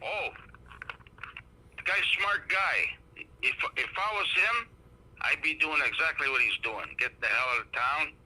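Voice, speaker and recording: Male phone-in caller; halting, restarts, very bright lively voice, phone-line sound. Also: a little high. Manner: rambling, halting, restarts a lot. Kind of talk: phone-in chat.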